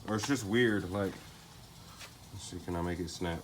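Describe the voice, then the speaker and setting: Slangy low-voiced man narrating a car repair. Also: normal speed, a little hiss or hum. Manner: loose, slangy, thinking aloud while working. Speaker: DIY car repair vlogger. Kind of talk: casual how-to narration.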